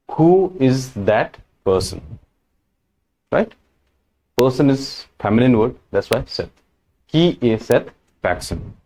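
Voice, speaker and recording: Slow, lively-pitched man teaching French. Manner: slow, patient, repeats each word and example. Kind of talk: language lesson.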